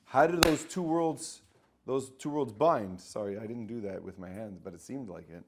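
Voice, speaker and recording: A male coach speaks in a middle-pitched voice and teaches spiritual ideas to a small group. He talks in an animated way, repeats phrases as he goes, and now and then acts out the inner voice of a listener. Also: moderate pace. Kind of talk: teaching talk.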